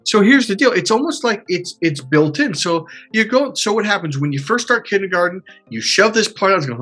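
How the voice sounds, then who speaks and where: A man coaching a client in conversation, animated and acting out panicked inner voices. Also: high voice, a little fast, hardly any pauses, husky, faint music behind.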